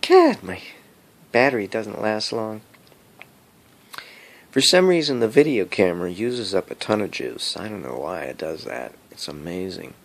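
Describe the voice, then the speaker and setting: Here a middle-aged man vlogs on a cell phone camera, rambling casually and giggling as he goes, his voice fairly low and creaky.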